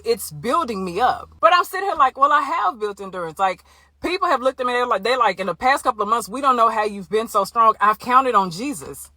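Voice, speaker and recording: A woman's voice: on the high side, sharp tone, no echo. A woman giving an earnest, conversational faith testimony straight to her viewers. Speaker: Christian vlogger. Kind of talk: candid faith testimony to camera.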